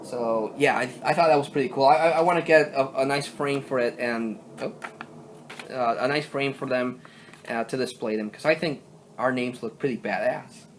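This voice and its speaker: There's slight background noise as this young Mexican collector vlogger casually presents his collection. He speaks at a moderate pace in a medium-pitched voice, rambling and often correcting himself amid fillers.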